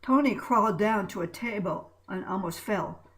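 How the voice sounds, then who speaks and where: A woman's voice: mid-range voice, normal speed, rough recording. A woman narrating a story aloud, reading with small slips and restarts.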